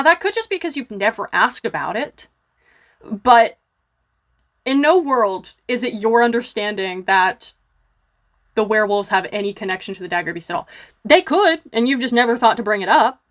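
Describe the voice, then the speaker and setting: A woman narrating as game master in a casual way, with lots of "um" and quick scene-setting. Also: mid-range voice, a bit bright. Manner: casual, many fillers, brisk scene-setting.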